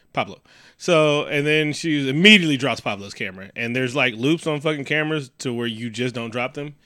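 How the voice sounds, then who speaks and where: A man co-hosting a casual movie recap chat, profane and animated, acting out the characters in loud voices. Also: medium pitch, moderate pace, no room sound, studio quality. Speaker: podcast co-host.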